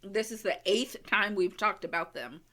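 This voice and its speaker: A woman hosting a reaction video, excitably talking back to the screen and gushing emotionally in casual commentary. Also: mid-range voice, normal speed.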